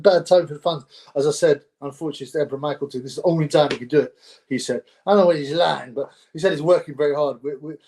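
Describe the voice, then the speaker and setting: Young guy rambling on a livestream, bit higher voice, lots of slang and laughs. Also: darkish tone. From United Kingdom. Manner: rambling, laughs often, slangy street talk. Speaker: livestream host. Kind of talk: casual solo livestream chat.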